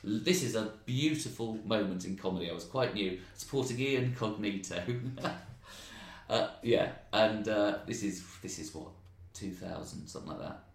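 A man with an English accent, a stand-up comedian telling animated, ranting stories in a casual interview chat. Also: lowish voice, normal speed. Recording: roomy, distant mic.

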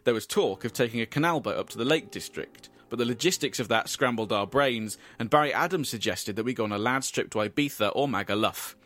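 A man hosting a comedy podcast, telling an absurd story in a dry, deadpan way with asides. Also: mid-range voice, brisk, few pauses.

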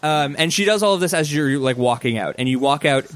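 A man narrating a tabletop game as game master, describing scenes in a casual way with quick asides. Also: a little high, lively intonation, crowd noise.

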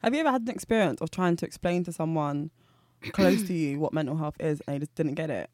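A woman's voice: sits low, fast, darkish tone, dry recording. A woman hosting a podcast, asking probing questions and sharing candid stories. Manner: asks probing questions, tells candid anecdotes. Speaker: podcast host. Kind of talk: casual chat.

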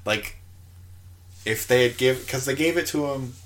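A man chatting casually about a movie, earnest and defending his view with halting restarts. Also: medium pitch, fairly bright tone. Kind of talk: casual movie review chat.

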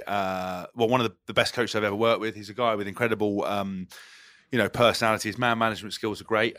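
A man's voice: lowish voice, a bit bright, no echo, clean studio sound. A man with a blunt, jokey manner, chatting casually as an interview guest. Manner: blunt, jokey, mimics others in banter. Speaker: interview guest, rugby player. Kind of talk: casual chat.

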